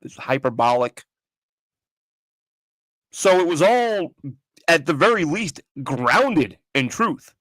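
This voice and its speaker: A man's voice: on the high side, very animated, slow pace, pauses often, a bit bright, no echo. A man hosting a casual sports talk show from home, opinionated and rambling, with frequent restarts. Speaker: podcast host. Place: home studio with his dog nearby.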